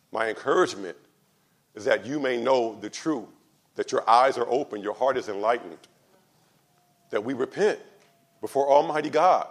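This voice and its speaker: A male pastor preaching a sermon, calling out to the congregation, building to loud, drawn-out passion and then dropping low and quiet. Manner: calls out to the congregation.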